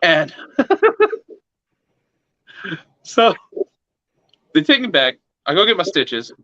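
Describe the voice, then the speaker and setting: Man, open mic storyteller, swearing, rambling, bright tense voice, dull dry lo-fi sound. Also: high voice, sing-song, slow pace, dry recording. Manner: rambling, swearing, with many fillers; acts out the other people's lines. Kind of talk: profane comic storytelling.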